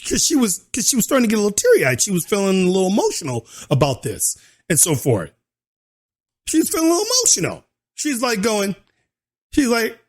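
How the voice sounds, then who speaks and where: Male reaction host, high voice, lively swings, mocking, laughs a lot. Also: fairly quick. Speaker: commentator reacting to a video. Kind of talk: casual reaction commentary.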